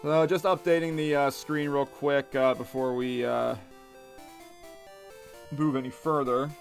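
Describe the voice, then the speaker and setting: Slow, hesitant man narrating gameplay. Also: medium pitch, fairly even intonation, gravelly, soft background music. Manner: hesitant, stammers and repeats words. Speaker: gaming video host. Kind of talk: casual gameplay commentary.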